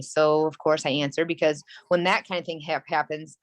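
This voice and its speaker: Woman, 30s, interview guest; low, dry voice; earnest, rambling storyteller. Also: steady tone, moderate pace, no room sound. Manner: rambling, frequent "like" and "you know"; earnest and emotional. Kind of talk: candid personal storytelling.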